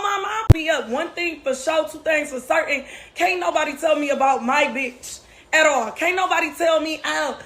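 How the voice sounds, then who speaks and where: A woman's voice: high-pitched, a bit bright, slight background noise, poor audio. A woman in angrily insulting someone, dismissive and profane. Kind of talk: heated clapback rant.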